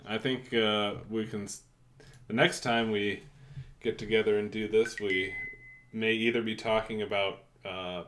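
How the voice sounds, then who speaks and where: Deep-ish guy running a podcast q&a, easygoing, lots of ums. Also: a little slow, slight background noise. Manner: relaxed, hesitant, moderating. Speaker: podcast host. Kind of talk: casual tech chat.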